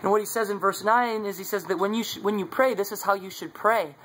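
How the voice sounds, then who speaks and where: A man's voice: high voice, steady tone, quick pace, a bit bright, slight background noise, low-quality recording. A man sharing his faith in a casual devotional talk, earnest and conversational, recorded on a phone. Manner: earnest, conversational, many fillers.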